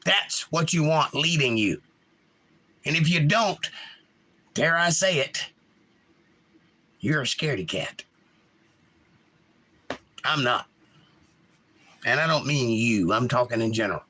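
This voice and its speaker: A man's voice: medium pitch, expressive, slow pace, long pauses, sharp tone. A man hosting a casual live stream, giving blunt opinions and answering viewers' chat messages. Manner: opinionated, reads chat aloud and talks back. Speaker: livestream host.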